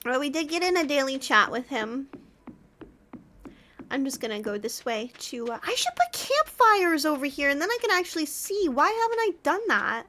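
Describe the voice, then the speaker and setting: A woman's voice: high-pitched, big pitch swings, moderate pace, bright, forceful tone, a little hiss or hum. A woman streaming a farming game from home, chatting playfully with her viewers and the game's characters. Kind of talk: casual gameplay chat with viewers.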